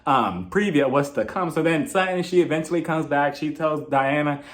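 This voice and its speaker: A man's voice: fairly high pitch, normal speed. A young man giving a sassy, casual recap of a reality show, acting out the cast members' lines in quotes. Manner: sassy, animated, acts out the cast's lines in quotes.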